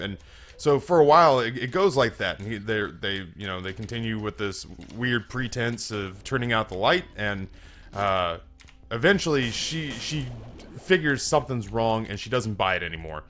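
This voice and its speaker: A man's voice: on the low side, animated, moderate pace, fairly bright tone, a little hiss or hum. A man casually commenting on a video game and telling a long joke, with frequent stammered restarts.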